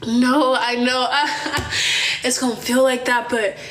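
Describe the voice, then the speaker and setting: A woman imitating her dazed young brother, slowly reassuring her in a drawn-out way. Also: high-pitched, fairly even intonation, a bit bright. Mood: soothing.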